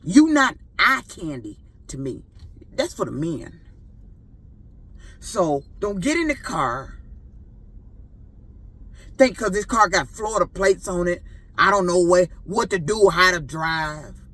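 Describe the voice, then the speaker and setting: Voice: mid-range voice, slow pace, long pauses. Indignant driver in their fifties. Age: 50s. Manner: animated, profane, indignant. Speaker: rideshare driver. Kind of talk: ranting storytime vlog.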